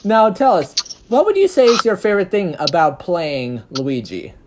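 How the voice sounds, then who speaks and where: A rambling, chatty interviewer who keeps restarting sentences and wanders between topics. The voice sits at an ordinary middle pitch, and a steady hiss runs clearly under the recording. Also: normal speed. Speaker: host and interviewer of a fan production. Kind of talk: casual interview chat. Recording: noisy background hiss.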